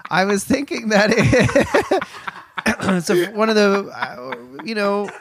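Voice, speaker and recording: A man's voice: high-pitched, lively intonation, slow. A young man co-hosting a comedy podcast, talking in a laid-back, rambling, easily amused way. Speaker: podcast co-host. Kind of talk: casual comedy podcast chat.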